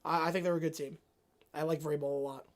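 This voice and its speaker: A man hosting a live stream, chatting casually and answering viewers' questions, swinging between loud excited rants and quiet low asides. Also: quick pace, a little hiss or hum. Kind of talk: casual live reaction chat.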